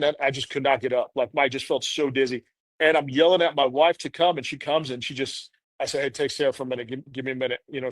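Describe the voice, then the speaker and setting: A man's voice: fairly high pitch, no room sound. A man in his thirties, a podcast guest, telling a candid personal story in an earnest, rambling way full of "you know".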